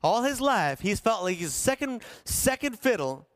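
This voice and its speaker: A man preaching a sermon in a slightly higher voice, telling a scripture story with playful asides and asking the congregation questions. The sound is close and dry, with little room echo. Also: big pitch swings, a little slow. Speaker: pastor.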